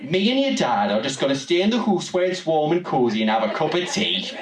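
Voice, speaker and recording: A man's voice: fairly high pitch, very animated, fairly quick, far from the mic. Man putting on his grumbling Geordie mam. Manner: fussy, chatty grumbling. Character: older woman, the narrator's mother, forever complaining. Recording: roomy live venue, audience.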